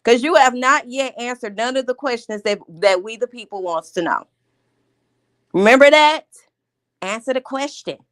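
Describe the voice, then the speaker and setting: A blunt livestream host makes casual commentary, confronting people by firing off repeated questions. Her voice sits on the high side with a fairly bright tone at a moderate pace. The sound is dry and close, with no room sound.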